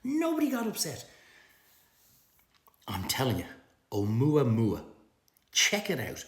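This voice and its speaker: A middle-aged Irish social media comedian rants to camera, animated and full of swearing, his pitch swinging widely. The recording has a roomy echo.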